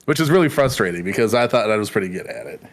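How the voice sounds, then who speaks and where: A man co-hosting a podcast, chatting in an animated way and using "like" again and again. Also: fairly low pitch, racing. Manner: animated, with frequent "like" fillers. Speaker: podcast co-host. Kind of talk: casual chat.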